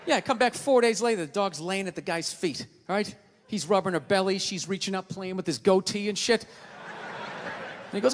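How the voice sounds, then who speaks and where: A man doing a stand-up comedy routine, ranting loudly, swearing and acting out voices in his stories. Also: sits high, moderate pace, long pauses, big-room sound.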